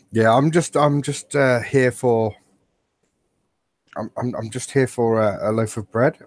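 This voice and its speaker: On an online call from his home, this man co-hosts a podcast, moving slowly with long pauses in a medium-pitched voice. The casual chat is full of jokes, frequent laughter and rambling stories, and there's no room sound.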